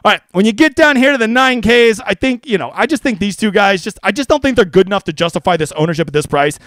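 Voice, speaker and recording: A man streaming fantasy golf picks in casual livestream commentary, brash and profane, excitable and jokey. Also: sits high, quick pace, dry recording. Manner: excitable, with mock voices.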